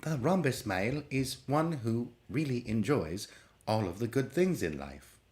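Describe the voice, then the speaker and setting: A man putting on a mock-serious British female computer narrator voice, reading slowly and solemnly. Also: medium pitch, animated, a little mellow, voice pushed up, natural voice.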